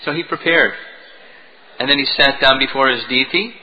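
A man lecturing as a spiritual teacher, retelling a devotional story in an animated way, on a dull lo-fi recording. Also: mid-range voice, a little slow, pauses often, slight background noise. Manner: animated storytelling, chuckling at moments.

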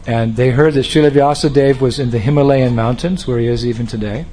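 A man's voice: mid-range voice, quick pace, hardly any pauses, mellow, a little hiss or hum. Playful man telling a sermon story. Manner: playful, laughs often, acts out voices. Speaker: monk lecturer.

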